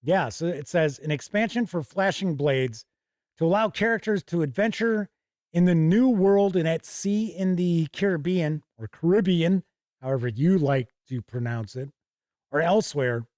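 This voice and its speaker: A man's voice: on the high side, normal speed, a little mellow, no room sound, clean studio sound. A middle-aged man hosting a casual livestream, reading passages aloud from old game books and correcting himself as he goes. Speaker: host.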